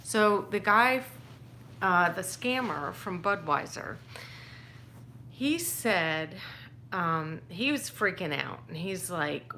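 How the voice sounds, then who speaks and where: Woman venting about getting scammed, rambly and fed up, bright edgy voice, bit of hiss behind. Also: lowish voice, takes it slowly. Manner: exasperated, rambling, frequent restarts. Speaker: vlogger telling a personal story. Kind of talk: casual storytelling to camera.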